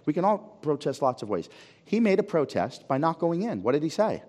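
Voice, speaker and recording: A man preaching in church with a fairly high, carrying voice, dramatic and animated. He swings from near-shouts down to hushed lines and keeps asking the congregation questions. A long hall reverb trails every phrase. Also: a little fast. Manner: asks the congregation rhetorical questions. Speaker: pastor. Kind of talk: sermon.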